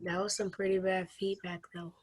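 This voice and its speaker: A woman's voice: mid-range voice, level tone, moderate pace, a little mellow, slightly rough. A student on an online class call, rambling and hesitating with ums as she tells a story.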